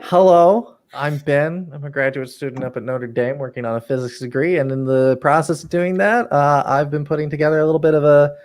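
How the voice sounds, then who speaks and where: A man's voice: fairly high pitch, a little fast, few pauses. A man in his twenties, a graduate student guest, joking in laid-back casual chat over a video call.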